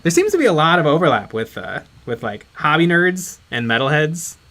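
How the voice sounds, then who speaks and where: A man's voice: a little high, big pitch swings, fairly quick, a bit bright. A man co-hosting a hobby livestream, reading chat questions and chatting casually, laughing often and restarting his sentences.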